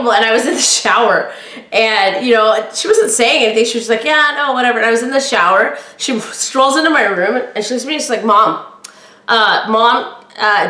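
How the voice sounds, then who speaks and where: Podcast host, middle-aged woman, loud projecting voice, candid chatty storytelling, room echo. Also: mid-range voice. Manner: candid, chatty, quotes others in lively voices. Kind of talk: personal storytelling.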